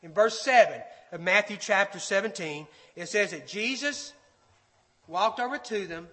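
A man preaching a sermon, emphatic and dropping to quiet, slow phrases for stress. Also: high voice, expressive. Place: church auditorium. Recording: echoey hall with long reverb.

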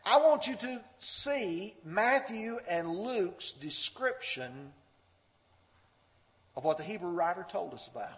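A man preaching a sermon in a church sanctuary, his high voice ringing out as the sound carries into a long reverb. He takes his time, leaning hard into scripture with earnest, fervent pleading. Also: slow pace, long pauses.

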